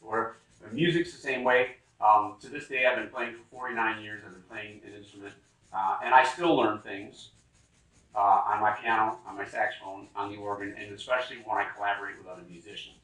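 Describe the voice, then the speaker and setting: A man's voice: on the low side, steady tone, fairly quick, a bit bright, recorded from a distance. Middle-aged male musician, rambling casual talker, off-mic in a roomy space. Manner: chatty, rambling with many fillers and restarts. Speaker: musician guest. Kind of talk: casual conversation. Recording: roomy echo, from away from the mic.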